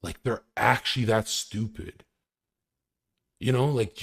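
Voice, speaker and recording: A man's voice: on the low side, slow, gravelly, pauses often, a bit bright, breathy edge. A young man ranting casually on a live stream, crude and boastful, laughing often as he talks. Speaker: livestreamer.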